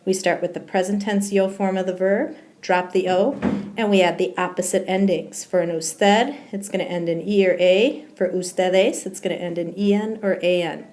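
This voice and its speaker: A woman's voice: medium pitch, steady tone, normal speed, darkish tone, a little hiss or hum. Woman walking through a grammar lesson. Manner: explains step by step, with frequent ums. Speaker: Spanish teacher. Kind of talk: recorded slideshow grammar lesson.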